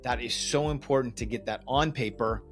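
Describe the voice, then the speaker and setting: A man's voice: mid-range voice, normal speed, faint music behind. A man hosting a podcast, walking listeners step by step through a process and recapping his points. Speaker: podcast host. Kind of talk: instructional podcast monologue.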